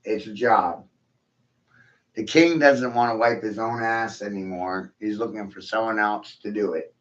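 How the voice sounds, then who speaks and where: A man's voice: lowish voice, moderate pace. A man in his forties delivering a crude, profane, rambling monologue in a mocking tone. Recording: echoey room, dull lo-fi sound.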